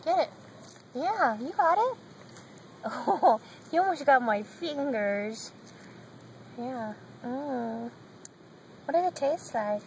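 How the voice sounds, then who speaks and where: Woman, baby talk to a puppy, drawn-out and slow, noisy camera audio. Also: high voice. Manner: cooing, sing-song baby talk. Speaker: dog owner filming her puppy. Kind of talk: home video, talking to a pet. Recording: noisy home camcorder audio.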